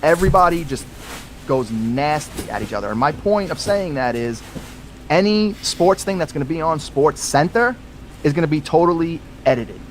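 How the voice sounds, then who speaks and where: A man's voice: fairly high pitch, lively intonation, moderate pace, a little hiss or hum, poor audio. A man from the United States co-hosting a podcast, ranting with strong opinions about sports coverage. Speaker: podcast co-host. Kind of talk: casual sports chat.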